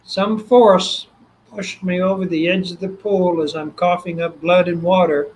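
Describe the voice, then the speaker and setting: A man's voice: high voice, a little slow, slight background noise, low-quality recording. Older Texan man telling a story. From Texas. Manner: animated, acts out quoted voices. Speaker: guest. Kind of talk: storytelling interview.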